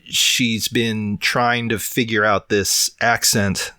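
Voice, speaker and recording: A man's voice: fairly low pitch, little pitch movement, slow pace, pushed and bright, clean tone, no room sound, studio quality. A man co-hosting a casual podcast, rambling and long-winded, swearing casually while running a fever. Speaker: podcast co-host. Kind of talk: casual chat.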